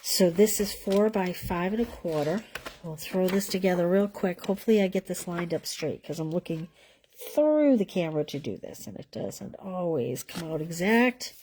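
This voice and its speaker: A woman's voice: lowish voice, animated, normal speed, warm tone, a little hiss or hum. A woman hosting a live card-making class from home, chatting casually as she colors and assembles cards, often trailing off mid-sentence. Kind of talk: casual live craft demonstration.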